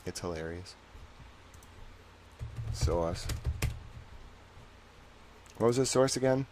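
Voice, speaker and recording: Brief: male livestream host, chatty and rambling, reads legal citations slowly, throws in jokey asides, mid-range voice. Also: mid-range voice, a little mellow, a little hiss or hum. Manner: slow, deliberate reading of legal citations. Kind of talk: casual livestream commentary.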